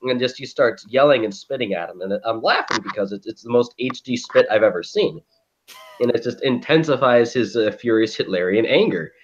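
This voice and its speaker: A man co-hosting a podcast, telling a story in a profane, animated way and acting out quotes. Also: mid-range voice, fairly quick, dull audio, slight background noise. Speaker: podcast co-host. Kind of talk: casual chat.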